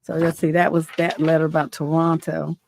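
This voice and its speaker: A woman's voice: deep voice, flat delivery, fairly quick, vocal fry, a little mellow, slight background noise. A middle-aged woman hosting a relationship advice livestream, talking in a blunt, profane, rambling way full of fillers, and reading viewer letters aloud. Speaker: relationship coach and livestream host.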